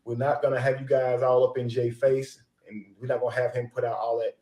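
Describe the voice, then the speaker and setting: A man hosting an interview show, talking in an animated, encouraging way. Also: mid-range voice, fairly quick, roomy sound. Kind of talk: casual interview chat.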